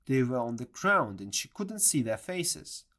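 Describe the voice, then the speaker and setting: A reader narrating a storybook in a clear, measured way. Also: medium pitch, big pitch swings, bright, forceful tone. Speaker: audiobook reader.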